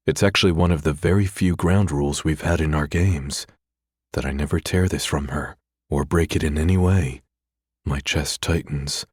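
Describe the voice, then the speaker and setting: A man's voice: extremely low pitch, breathy edge, no room sound, studio quality. A man narrating a first-person romance audiobook in a tense, brooding way.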